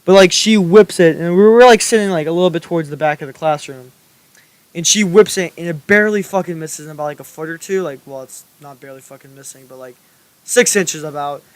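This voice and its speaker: A man's voice: fairly high pitch, brisk, no room sound. A young man telling a school story in a casual, rambling way, full of fillers and swearing. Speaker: storytelling YouTuber.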